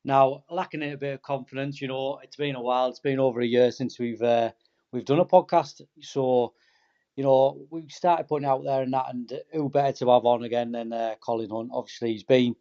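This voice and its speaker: A male podcast host talks in a relaxed, chatty way, loosely phrased with plenty of fillers. His pitch is ordinary and mid-range. The sound is dull and lo-fi. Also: fairly quick. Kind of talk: casual podcast hosting.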